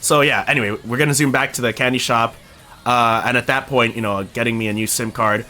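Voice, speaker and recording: Over faint music, a young Canadian man talks briskly to his stream chat, casually telling a story. He's animated, swears now and then, and acts out quotes with big jumps in pitch.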